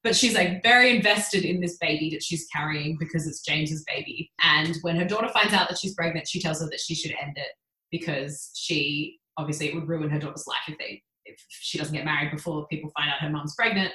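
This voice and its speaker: A young woman casually retelling a book's plot, animated and full of "like," as a podcast co-host. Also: deep voice, fairly quick, echoey room, rough recording. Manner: chatty, animated retelling with frequent "like". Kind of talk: casual chat.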